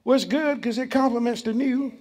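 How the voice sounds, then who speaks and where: A man's voice: very high-pitched, brisk, darkish tone. A man, preaching as pastor in a church, emphatic and full of rhetorical questions. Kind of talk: sermon.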